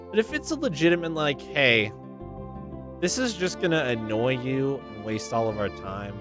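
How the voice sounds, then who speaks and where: A man's voice: mid-range voice, sharp tone. A man streaming a playthrough of a game, talking casually with profanity and wry exasperation.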